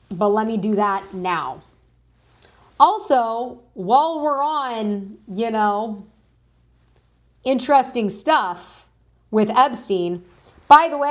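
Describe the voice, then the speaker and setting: Woman doing a live stream, chatty and animated, voice a bit on the high side, talking to chat. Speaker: livestream news host. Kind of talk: casual live commentary.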